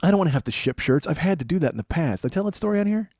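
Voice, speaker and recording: A man's voice: on the high side, lively intonation, racing, darkish tone, no echo. An American man in his forties hosting a comedy podcast, rambling through a profane, self-mocking solo monologue. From United States. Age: 40s. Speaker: podcast host.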